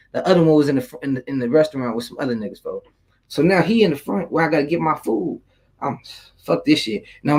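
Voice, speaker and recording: A man's voice: on the high side, slightly rough, rough recording. A young man casually telling a street story in loose, rambling slang, swearing freely.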